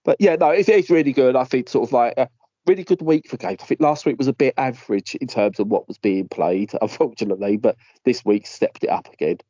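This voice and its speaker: Playful male host, quick jokes, dry lo-fi podcast sound. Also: mid-range voice, warm tone, no room sound. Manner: playful, jokey, jumps into silly voices. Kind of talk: casual chat. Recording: dry, dull lo-fi podcast audio.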